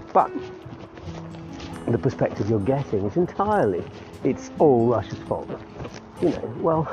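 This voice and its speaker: A man in his fifties rambling on about his day for his podcast while walking his dog outdoors, laughing often and restarting his sentences. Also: mid-range voice. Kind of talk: rambling casual monologue. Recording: muffled recording with clear music behind.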